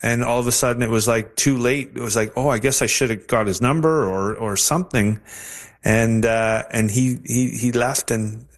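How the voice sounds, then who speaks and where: A man's voice: medium pitch, steady tone. Earnest man telling his story. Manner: earnest, halting, with restarts. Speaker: interview guest. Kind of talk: personal testimony storytelling.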